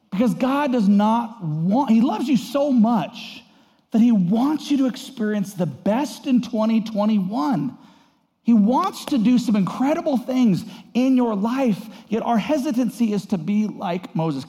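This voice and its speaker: A male pastor preaching a sermon in an animated, conversational way, often acting out the voices in his stories. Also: high-pitched, in a large hall.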